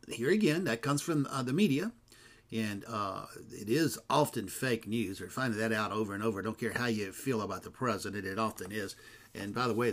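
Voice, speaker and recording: A man gives a sermon in a chatty, wandering style packed with fillers and side remarks, moving between loud emphasis and quiet lines. His voice sits at a medium pitch and is slightly rough.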